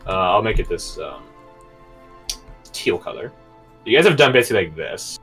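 A man's voice: on the low side, big pitch swings, normal speed, a bit bright, slightly rough, faint music behind. A man narrating a tabletop game as game master, chatty and full of fillers.

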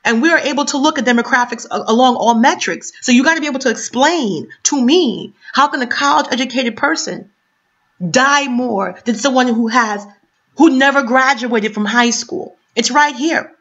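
A woman's voice: high voice, moderate pace, a bit bright. A woman from New York City reading a news article aloud on camera and breaking off into impassioned, emphatic commentary full of rhetorical questions. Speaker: commentary vlogger. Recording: dull lo-fi sound.

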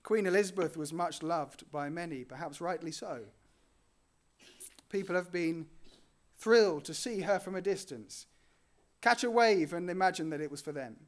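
Earnest higher-voiced male preacher. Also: moderate pace. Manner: earnest, rising on key phrases and dropping softly at line ends. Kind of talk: sermon.

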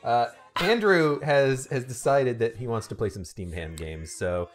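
A man's voice: medium pitch, unhurried, noisy background. Wry young male co-host. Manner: wry, teasing, laughing. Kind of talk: casual game-playing chat.

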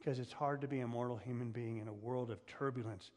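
A man preaching to his congregation, middle pitched and easygoing. He cracks jokes and pulls the listeners in with questions. The sound trails off in the long echo of a church sanctuary. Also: steady tone, fast. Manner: humorous, asks the congregation questions. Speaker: pastor. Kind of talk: sermon. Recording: long reverb of a church hall.

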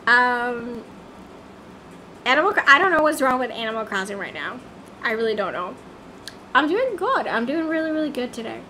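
Woman livestreamer, very high bright voice, chatty and flustered, faint background noise. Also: big pitch swings, moderate pace, pauses often. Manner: chatty, easily flustered, sings snatches of songs. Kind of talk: casual game livestream chat.

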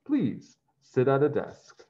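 Patient teacher lady read by a man, gentle, lively tone, lo-fi. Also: mid-range voice, slow, voice pushed up. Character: kind patient female schoolteacher. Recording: dull lo-fi sound.

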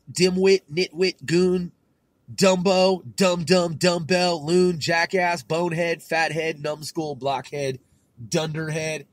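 A man in his thirties with a notably high voice drifts slowly through a solo podcast ramble. He is heavy on slang and swearing, and he chuckles at his own tangents. The sound is close and dry, with no room around it. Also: dry recording. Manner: profane, loose slang-heavy banter; laughs at himself while reading aloud. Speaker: podcast host.

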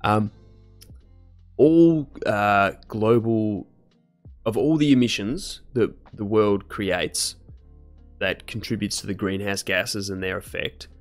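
A man's voice: fairly low pitch, slow, soft background music. A young man chatting casually with his live-stream chat while he studies medicine. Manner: casual, chatty, laid-back slang.

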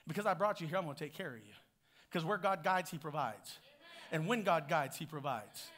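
A male pastor preaching a sermon in a call-and-response style, swinging from hushed lines to shouted ones. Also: high voice, fast talker.

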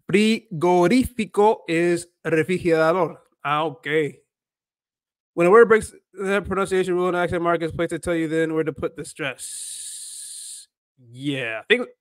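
A man's voice: a little high, a bit bright, dry recording. A man hosting a casual livestream, talking in a rambling way full of fillers and self-corrections. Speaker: livestream host learning Spanish.

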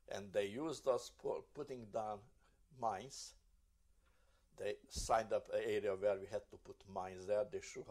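An older man giving halting testimony in broken English, repeating words as he searches for them. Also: fairly low pitch, darkish tone. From Hungary. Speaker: Holocaust survivor giving testimony. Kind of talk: recorded testimony.

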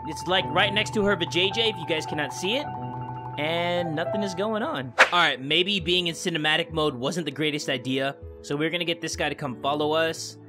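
A young man giving Let's Play commentary, excitable, loud and profane, often breaking into yelling. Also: a little high, fairly quick, over loud music. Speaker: gaming YouTuber.

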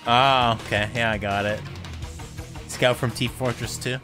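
A man's voice: mid-range voice, fairly even intonation, measured pace, over music. A young man streaming a video game, rambling and joking with stammered restarts. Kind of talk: casual game commentary.

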